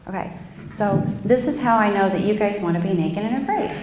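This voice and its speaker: A woman's voice: medium pitch, expressive, fairly quick, heavy background noise. A middle-aged woman gives a candid, self-reflective talk to a live audience from a theatre stage, with loose fillers. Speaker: guest speaker. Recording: roomy theatre echo.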